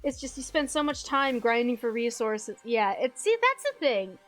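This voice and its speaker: A young woman streamer chatting casually with her viewers, rambling, swearing freely and filling pauses with likes and ums. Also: on the high side, expressive, fairly bright tone, soft background music. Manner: rambling, swears casually, frequent fillers and laughs.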